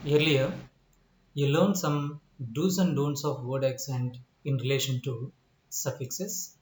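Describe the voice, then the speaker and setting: A man teaching English word stress in a recorded lecture, explaining slowly with many pauses, repeating himself, spelling out letters and asking the listener questions. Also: medium pitch, fairly even intonation, darkish tone, a little hiss or hum. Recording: echoey room.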